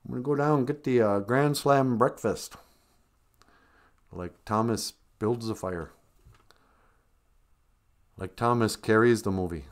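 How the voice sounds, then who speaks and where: A man's voice: medium pitch, unhurried, pauses often. A middle-aged man hosting a live stream in casual chat, full of playful, joking asides.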